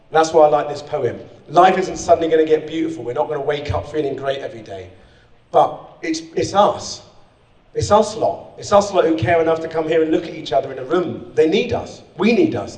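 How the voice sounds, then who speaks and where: Male keynote speaker, rousing and direct, slightly high voice, recorded from across a reverberant hall. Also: far from the mic. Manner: energetic, rousing, direct to the audience. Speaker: conference speaker. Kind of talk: motivational speech. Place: conference hall. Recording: echoey hall, speaker off-mic.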